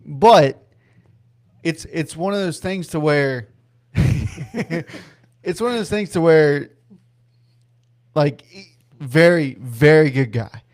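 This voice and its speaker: A young man co-hosting a casual sports podcast, excitable, swearing a lot and often restarting his sentences. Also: fairly high pitch, slow pace, long pauses. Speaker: podcast co-host.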